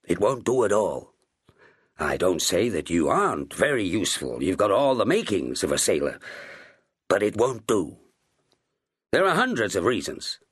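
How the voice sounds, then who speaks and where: A man's voice: lowish voice, sing-song, moderate pace, pauses often, a bit bright, slightly rough, dry recording, clean studio sound, exaggerated voice. A man voicing a firm, earnest middle-aged ship's master speaking as a fatherly uncle.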